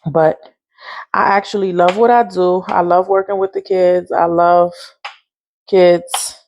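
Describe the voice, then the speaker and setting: A woman's voice: fairly low pitch, fairly even intonation, measured pace, darkish tone, dull audio. A woman who drives a school bus, chatting casually while she cooks in her home kitchen, a laughing storyteller. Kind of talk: casual cooking vlog.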